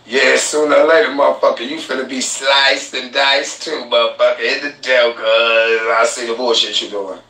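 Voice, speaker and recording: A man's voice: medium pitch, steady tone, moderate pace, few pauses, bright, forceful tone, far from the mic. Man ranting profanely on a live stream. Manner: profane, mocking, laughing at his own insults. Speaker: live-stream podcast host. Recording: roomy, off-mic, faint noise.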